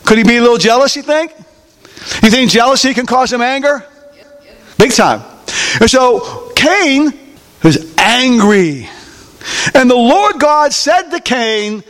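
Male preacher, high voice, animated sermon with call-and-response questions, recorded in a church hall with a long echo. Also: measured pace, pauses often. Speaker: pastor. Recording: long reverb of a large hall.

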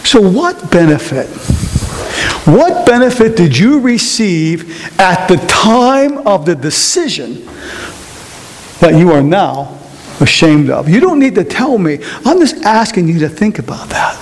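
A man preaching a sermon to a congregation, repeating key phrases and questioning the audience in a slow, emphatic delivery. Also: sits high, sing-song. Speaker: pastor. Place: church sanctuary. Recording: long hall reverb.

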